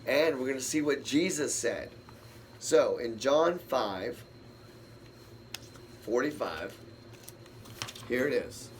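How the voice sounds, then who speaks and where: A man in the middle of a Bible study talks at an easy, slow pace, wandering from point to point as he thinks aloud. He answers the verses as he reads them, with a faint room hum underneath. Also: medium pitch, expressive. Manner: rambling, thinks aloud and talks back to scripture. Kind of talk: casual Bible study talk.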